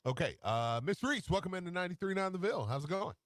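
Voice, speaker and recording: A man co-hosting sports radio, excitable, stammering and restarting as he talks into a studio microphone. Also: sits high, fast talker, dry recording. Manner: animated, stammers and restarts, laughs easily. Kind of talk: casual sports radio talk.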